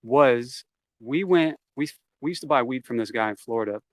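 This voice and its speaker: A man's voice: medium pitch, normal speed, no echo. A man telling a story from his past in a casual interview. He swears freely and acts out the quoted lines as he goes. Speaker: interview guest.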